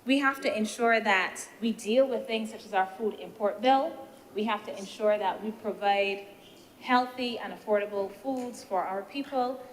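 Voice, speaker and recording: A woman senator giving a measured, deliberative speech in a senate debate, posing rhetorical questions as she weighs the points. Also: medium pitch. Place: senate chamber. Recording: reverberant chamber with faint background noise.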